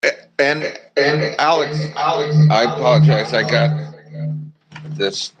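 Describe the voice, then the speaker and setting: Halting, apologetic man asking questions. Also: medium pitch, highs cut off, a loud crowd. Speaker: co-host. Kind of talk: casual podcast chat.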